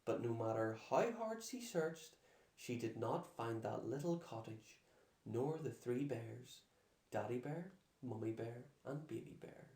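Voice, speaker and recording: A man slowly reading a children's storybook aloud, with expressive delivery. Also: medium pitch, creaky. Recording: echoey room.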